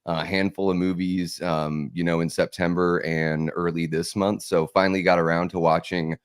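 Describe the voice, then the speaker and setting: A man with a very low voice joins a live-stream chat as a guest. He talks in a laid-back way, leaning on lots of fillers and laughing easily. The sound is dry and close, with no room echo. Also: little pitch movement, normal speed, clear, resonant tone.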